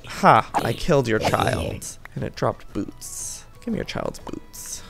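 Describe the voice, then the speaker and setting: A man giving lively, theatrical gameplay commentary as a channel host, talking to the game's creatures with mock outrage. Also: mid-range voice, slow pace, soft background music. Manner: animated, theatrical, talks to game mobs with mock outrage.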